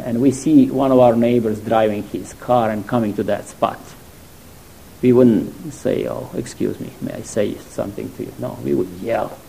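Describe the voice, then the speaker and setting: Slow, mellow-voiced male preacher. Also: medium pitch, slightly rough, low-quality recording. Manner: deliberate, halting phrasing with sudden emphatic rises. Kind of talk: sermon.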